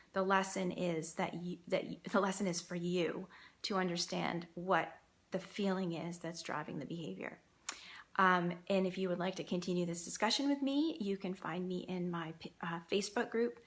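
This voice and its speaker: A woman parenting coach giving earnest, reassuring advice straight to her viewers. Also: lowish voice. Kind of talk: direct-to-camera advice talk.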